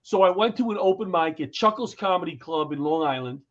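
High-voiced New storyteller. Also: male voice, brisk. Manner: animated, acts out the voices in his anecdotes. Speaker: guest comedian and firefighter. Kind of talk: storytelling in an interview. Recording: dull lo-fi recording.

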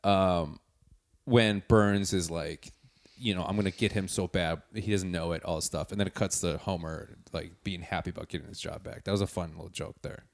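A man's voice: deep voice, steady tone, normal speed, vocal fry. A man co-hosting a podcast, casually retelling a film scene, stumbling over words and joking about it. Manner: stumbling, self-deprecating. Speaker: podcast co-host.

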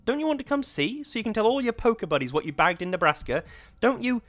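A man reading the lines of a frantic, grieving wife who screams in a high, shrill voice. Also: very animated, quick pace. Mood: hysterical.

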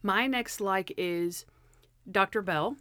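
A woman's voice: mid-range voice, takes it slowly, sharp tone, dry recording. A young woman retells a TV episode in casual chat, full of "like" fillers. She acts out the lines with animation. Her voice sounds dry and close, with no room around it. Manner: frequent "like" fillers.

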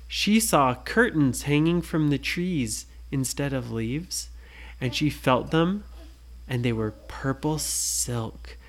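A parent improvises a bedtime story in a soft, hushed voice. The delivery is slow, and the pitch rises and falls a lot. Questions to the listener come up often. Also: lively intonation.

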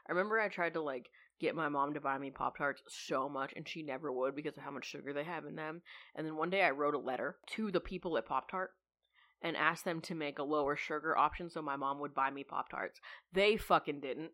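Young woman, podcast co-host, lower voice, bright tone, profane, laughs a lot. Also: brisk. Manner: profane, laughs loudly and often. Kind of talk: casual chat.

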